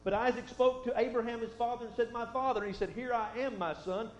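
A man preaching a sermon and reading scripture, folksy and conversational, dropping soft and then swelling for emphasis. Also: extremely high pitch, fairly even intonation, fast. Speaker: pastor. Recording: roomy, dull sound with faint hum.

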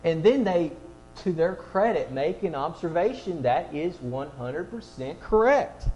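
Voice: mid-range voice, expressive, measured pace, a little mellow, rough recording. A preacher delivering a sermon to a room, asking the audience many rhetorical questions.

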